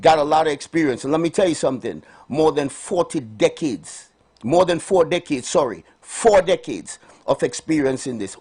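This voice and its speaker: A man's voice: a little high, lively intonation, normal speed, a little mellow, breathy edge. Upbeat male radio health host. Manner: upbeat greetings, preachy asides. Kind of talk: live radio morning show chat. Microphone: studio microphone.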